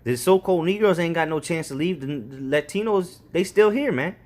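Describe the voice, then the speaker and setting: Guy with a slightly high voice, laid back street preaching, throws "man" in everywhere. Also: brisk, a little mellow. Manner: loose, slangy, says "man" often. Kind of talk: casual scripture commentary.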